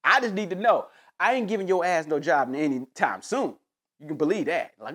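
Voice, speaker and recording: A man's voice: a little high, animated, brisk, a bit bright. A man commentating in a casual, slangy rant to camera, mocking and emphatic.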